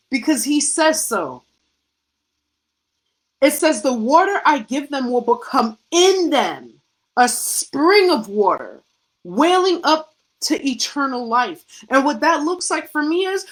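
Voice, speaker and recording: A middle-aged woman delivers a devotional pep talk in a high, bright-pitched voice. She takes her time, leaning on rhetorical questions and repeated phrases. Her delivery mixes preaching with casual, slangy everyday talk. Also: low-quality recording. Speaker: faith coach.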